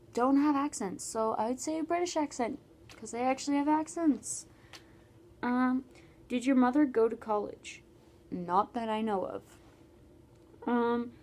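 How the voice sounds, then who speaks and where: A woman's voice: on the high side, darkish tone. A teenage girl from Canada, chatting casually in a Q&A vlog with many "like"s and trailing asides. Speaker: vlogger.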